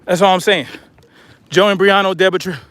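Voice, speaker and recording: Breathless man, high pitch, blunt outdoor vlog monologue while hiking. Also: steady tone, a little fast, a bit bright, no echo. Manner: blunt, chatty, addresses viewers as y'all. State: out of breath from hiking uphill with a pack. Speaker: vlogger.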